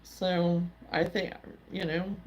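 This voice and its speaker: A woman hosting a crafting livestream, chatting casually and in a halting way as she replies to viewer comments. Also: on the low side, little pitch movement, a little mellow, a little hiss or hum. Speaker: livestream host. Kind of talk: casual chat while crocheting.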